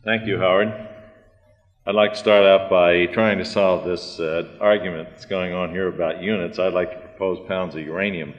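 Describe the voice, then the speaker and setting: A man with a somewhat low voice gives a measured conference talk, pausing on fillers and clearing his throat. The sound comes from an old archive recording in a large hall with a long reverb. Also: fairly even intonation, highs cut off. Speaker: conference speaker. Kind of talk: prepared conference talk with a joke.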